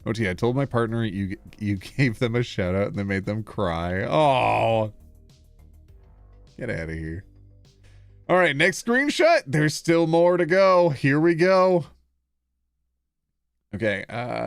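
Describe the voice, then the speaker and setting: A male streamer talking straight into a close desk mic, his pitch bouncing all over as he reacts. He jumps between mock outrage and laughter. The sound is dry, with faint music playing behind him. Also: very animated, slow pace, creaky, pauses often, clean tone, no echo. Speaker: streamer reading posts. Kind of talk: casual live-stream reaction reading.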